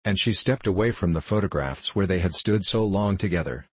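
Deep-voiced male audiobook narrator. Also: a little fast, breathy edge, dry recording. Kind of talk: scripted narration.

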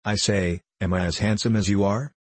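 Guy reading a cheeky schoolboy, impudent, low husky voice. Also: fairly even intonation, normal speed, dry recording, lightly acted.

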